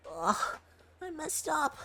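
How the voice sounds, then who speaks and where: Picture a tiny, anxious robot helper from a video game, voice pitched up and wobbling as it blames itself for everything, put on by a woman reading along. The delivery is fretful and weepy, rising and falling in lively swoops. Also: slow pace, heavily acted. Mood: tearful. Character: small tearful robot helper, anxious and self-blaming.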